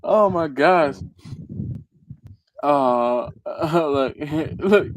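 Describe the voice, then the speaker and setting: A man's voice: fairly high pitch, drawn-out words, long pauses, no echo, low-quality recording. A man from Philadelphia with a Philadelphia accent, telling stories in a casual chat on a live barbecue stream, laughing often and repeating himself.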